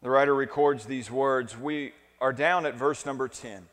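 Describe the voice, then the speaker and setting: A man preaching a sermon as pastor, deliberate at first and building to emphatic points, asking the congregation to repeat after him and answer his questions. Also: medium pitch, fairly bright tone. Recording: long reverb of a large hall.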